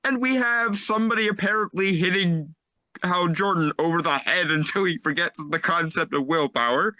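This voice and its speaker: A man co-hosting a casual comics podcast, reading out nominees with dry, deadpan humor. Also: high voice, moderate pace, no echo. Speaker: podcast co-host presenting a category. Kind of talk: casual group chat.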